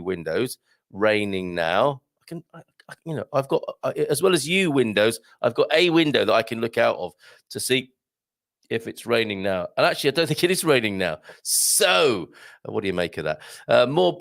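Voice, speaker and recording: A man's voice: medium pitch, gravelly, no echo, studio quality. A man hosting a live morning show, chatting casually and joking while reading out viewer comments. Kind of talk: casual live-stream chat.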